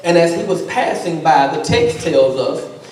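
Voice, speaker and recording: A man's voice: fairly high pitch, animated, measured pace, a little mellow, slight background noise. A man preaching a call-and-response sermon to his congregation, repeating words in rhythmic, stammering runs. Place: church sanctuary with congregation. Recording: echoey church recording from far off. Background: congregation calling back.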